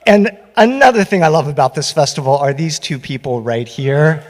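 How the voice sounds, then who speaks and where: Storyteller guy on a festival stage, playful, fairly high voice, echoey. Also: normal speed, a little hiss or hum. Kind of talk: live storytelling performance. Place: festival stage before an audience.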